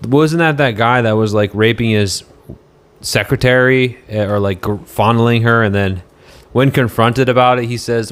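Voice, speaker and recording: A man chatting casually on a livestream from a motel room, rambling and halting as he reads viewer comments aloud. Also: medium pitch, smooth.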